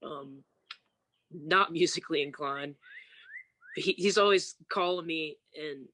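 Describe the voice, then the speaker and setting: A woman's voice: deep voice, takes it slowly, fairly bright tone, slight background noise. Candid woman telling loose stories. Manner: candid, loose storyteller, mimics people. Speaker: guest musician. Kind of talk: casual podcast chat.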